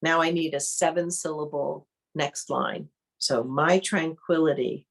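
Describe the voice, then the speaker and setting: Slow, low-voiced woman teaching art. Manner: calm, unhurried, thinks aloud while demonstrating. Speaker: art workshop instructor. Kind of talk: online interactive workshop teaching.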